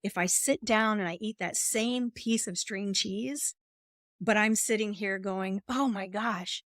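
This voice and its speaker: A woman's voice: medium pitch, steady tone, unhurried, fairly bright tone, no echo, clean studio sound. A woman coach speaking as a podcast guest, explaining ideas expressively and acting out inner voices. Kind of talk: podcast interview conversation.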